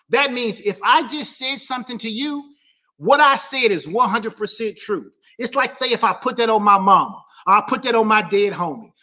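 A man preaching a sermon as pastor, emphatic and driven by repeated refrains, drawing key phrases out slowly. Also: high voice, pushed and bright.

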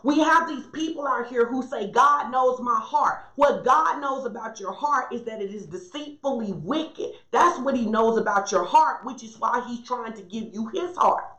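A woman preacher with a high voice delivers an emphatic sermon and hammers her points home by repeating them. The sound is roomy, with a noticeable echo. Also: normal speed, few pauses, a bit bright. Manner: emphatic, repeats key phrases for stress.

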